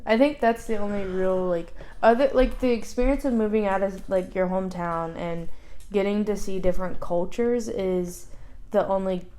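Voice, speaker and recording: A woman's voice: medium pitch, moderate pace, dark tone. Blunt young woman chatting. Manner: blunt, matter-of-fact. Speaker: YouTube co-host. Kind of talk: casual chat.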